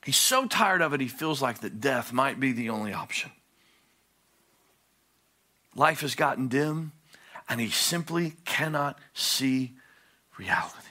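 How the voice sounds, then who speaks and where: A male pastor preaching a sermon, swinging from hushed low phrases to loud, high-pitched pleading. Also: expressive, a little slow, long pauses.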